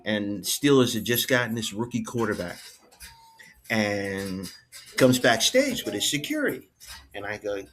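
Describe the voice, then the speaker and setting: A man, a guest on a podcast, telling backstage stories in an animated, laughing way and acting out what people said. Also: fairly low pitch. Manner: lively, laughing, acts out quotes. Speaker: guest, former head of wrestling security.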